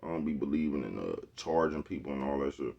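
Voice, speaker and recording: Deep-voiced slangy man from Oakland. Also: expressive, fast talker, creaky, mellow, highs cut off. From Oakland, California. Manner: slangy, rambling, keeps asking "you know what I'm talking about". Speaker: vlogger. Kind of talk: casual monologue to camera. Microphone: phone with Bluetooth earpiece.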